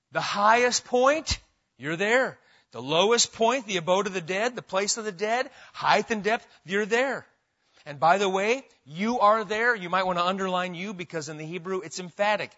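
A bright, high-pitched man preaches with emphasis and keeps asking his listeners questions. The sermon comes through a dull, lo-fi church recording. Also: expressive, normal speed. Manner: emphatic preacher who asks the congregation questions. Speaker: pastor. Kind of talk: expository sermon.

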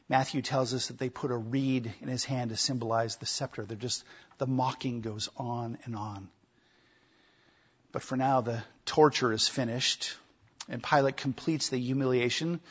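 A man's voice: medium pitch, husky, dull audio. A man preaching a sermon, emphatic, with repeated phrases and rhetorical questions.

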